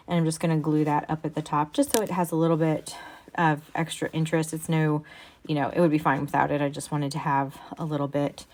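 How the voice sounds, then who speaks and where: A woman narrating her journaling craft work in a relaxed, meandering way, with many ums and restarts. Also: low voice. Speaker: craft vlogger. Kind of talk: casual voice-over narration of crafting.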